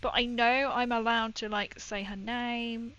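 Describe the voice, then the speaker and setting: A woman's voice: a little high, level tone, measured pace, fairly bright tone, clear, resonant tone, highs cut off. A young woman streaming while painting miniatures, telling a rambling story in casual chat with lots of fillers. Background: faint background music.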